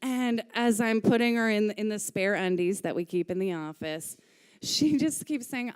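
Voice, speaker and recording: A woman telling a personal story live on stage into a microphone, candid and lively, swearing casually. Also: mid-range voice, normal speed, clean tone. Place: stage of a live music venue.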